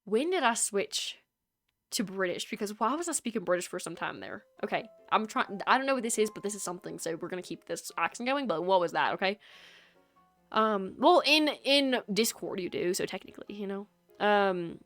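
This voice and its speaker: A woman's voice: medium pitch, animated, brisk, a bit bright, dry recording, soft background music. A woman game streamer chatting casually in her bedroom, rambling and self-deprecating. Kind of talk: casual live-stream chat. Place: small bedroom. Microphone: streaming setup.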